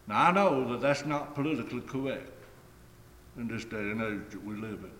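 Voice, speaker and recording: A man preaching a sermon in a deliberate, emphatic way, stretching key phrases and letting them fall away at the ends. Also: mid-range voice, fairly bright tone, a little hiss or hum. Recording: echoey hall with long reverb.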